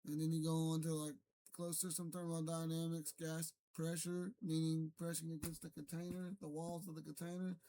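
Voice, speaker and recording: Solo streamer, male, fairly high voice, rambling and argumentative, restarts his sentences. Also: completely flat delivery, moderate pace, dark tone, slight background noise. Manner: rambling, self-correcting, argumentative. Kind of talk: unscripted solo rant to camera.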